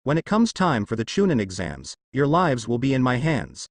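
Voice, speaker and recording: A man's voice: medium pitch, big pitch swings, normal speed, no room sound. A man voicing a cold, domineering young male ninja who growls and speaks darkly, in a fanfic audio story. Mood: cold menace.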